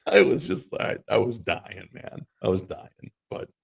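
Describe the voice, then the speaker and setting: A man's voice: fairly low pitch, big pitch swings, measured pace, gravelly, husky. A man co-hosting a sports talk show, telling rambling stories and laughing through them. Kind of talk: casual storytelling chat.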